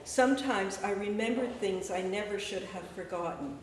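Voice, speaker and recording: A woman poet giving a measured, deliberate poetry reading and spoken-word performance in a gallery. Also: mid-range voice, a little hiss or hum. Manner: measured, deliberate, rhythmic delivery. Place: echoey gallery hall. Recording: echoey room, mic far away.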